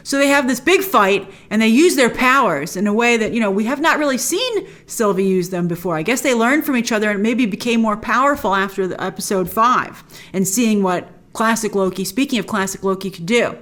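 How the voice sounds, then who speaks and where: A woman's voice: fairly high pitch, animated, fairly quick, a bit bright. A woman hosting a TV episode recap, talking with gushing enthusiasm and retelling scenes in a chatty, casual way. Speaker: host.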